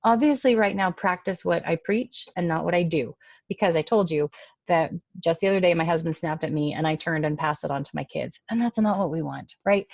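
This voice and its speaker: Gravelly-voiced woman giving a casual talk. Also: lowish voice, darkish tone, no room sound, muffled recording. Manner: conversational, emphatic. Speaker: presenter speaking to parents. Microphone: computer mic.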